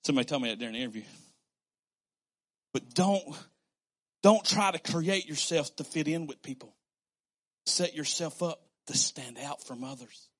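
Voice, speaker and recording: Animated high-voiced male preacher. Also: moderate pace, pauses often. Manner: conversational, animated preaching with repetitions and acted-out quotes. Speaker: pastor. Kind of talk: sermon.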